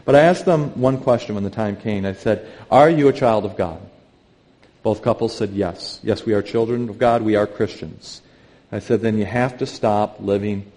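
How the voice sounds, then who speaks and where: A middle-aged man, a pastor, preaching a sermon to his church, earnest and emphatic, climbing to loud, high exclamations. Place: church sanctuary.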